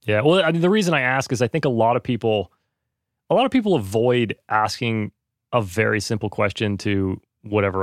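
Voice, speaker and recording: A man's voice: on the low side, dry recording. Earnest podcast guy, lots of likes and you knows, dry close mic. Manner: earnest, many fillers. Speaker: podcast host, guest. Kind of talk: casual conversation.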